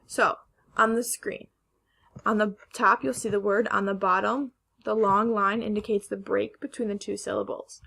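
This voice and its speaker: A woman teacher giving a recorded phonics lesson to young children, slowly stretching out words to model their sounds. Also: medium pitch, flat delivery, gravelly, sharp tone, husky. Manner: slow, careful, stretching sounds to model pronunciation.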